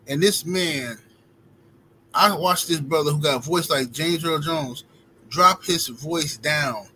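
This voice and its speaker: A man's voice: fairly high pitch, fairly bright tone, a little hiss or hum, poor audio. A man hosting a livestream who tells rambling, slangy stories and reads out viewer super chats. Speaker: livestream host. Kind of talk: casual storytelling and reading super chats.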